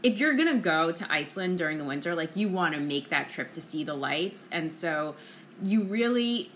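Woman co-host for a travel chat show, candid and talkative, lowish but bright voice, faint noise behind. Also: expressive, moderate pace. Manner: candid, self-deprecating and talkative. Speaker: podcast co-host. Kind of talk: casual travel podcast chat.

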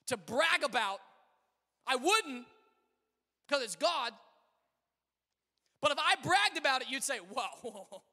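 High, bright-voiced preacher man in a hall. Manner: storytelling, animated, swings between shouting and quiet asides. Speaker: pastor. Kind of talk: sermon. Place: church sanctuary. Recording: long hall reverb.

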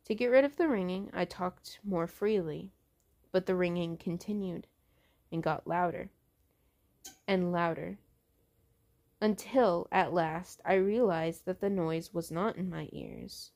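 A woman reads a horror story aloud at a slow, careful pace. Her voice has a gravelly fry, and she stumbles and restarts on words as she goes. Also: on the low side, darkish tone. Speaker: host reading books aloud.

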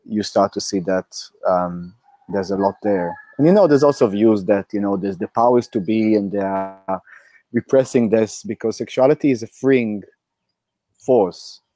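A man with a hoarse voice speaking in a casual interview, hesitant, with many fillers and restarts. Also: fairly low pitch, moderate pace, warm tone, no echo.

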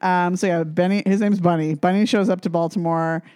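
A woman co-hosting a podcast, casually recapping a movie plot with animated quotes and swearing. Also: lowish voice, a little fast, smooth, no room sound, studio quality. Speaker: podcast co-host.

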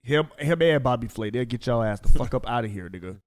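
A young man hosting a casual podcast chat, loud and profane, breaking into high yelling impressions. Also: animated, fast.

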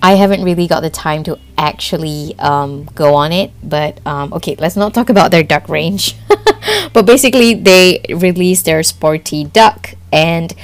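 A young woman with a Malaysian accent, hosting a podcast and telling a story in a giggly, excitable way, laughing often. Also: sits low, moderate pace. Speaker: podcast host. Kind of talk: casual storytelling monologue.

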